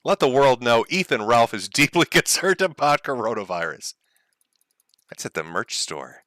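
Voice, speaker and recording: A man's voice: mid-range voice, sing-song, moderate pace, fairly bright tone, no echo. A man hosting a livestream, talking to his chat with sarcastic, mocking commentary and frequent laughs. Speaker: streamer host.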